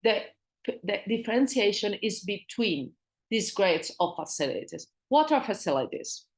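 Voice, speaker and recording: A woman with a Spanish accent teaching a business English lesson online, repeating phrases slowly and switching into Spanish to explain. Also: mid-range voice, sing-song.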